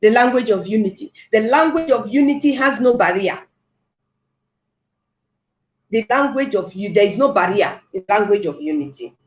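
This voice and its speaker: A woman's voice: mid-range voice, animated, a little fast. Nigerian woman making a fiery speech, says things twice, dull muffled recording. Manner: forceful, repeats phrases for emphasis. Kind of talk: impassioned address. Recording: echoey room, dull lo-fi sound.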